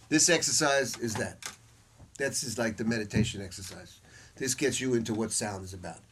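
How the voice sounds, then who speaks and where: A man's voice: lowish voice, normal speed. Older man teaching a sax masterclass. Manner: animated, acts out quoted voices, laughs often. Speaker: saxophone teacher giving a masterclass. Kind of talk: casual, profane storytelling lecture. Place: music store hall with a small audience. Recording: faint background noise and clicks.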